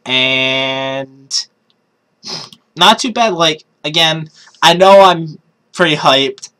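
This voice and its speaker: A woman with a lowish voice talks through her gaming session in a slow, unhurried drawl. She swears freely and is quick to burst into loud, excited shrieking. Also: low-quality recording. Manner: excitable, swears a lot, shrieks when thrilled. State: yelling in excitement. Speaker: gaming streamer. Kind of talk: casual gaming commentary.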